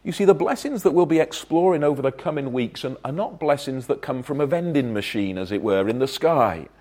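A man preaching a sermon from Wales, earnest and emphatic, his loudness swelling and dropping as he makes his points. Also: medium pitch, animated, fairly quick.

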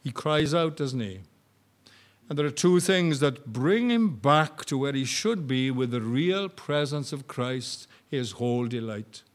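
An older man preaching a sermon, shifting between soft, slow storytelling and loud, rising appeals to the congregation. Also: on the high side, animated.

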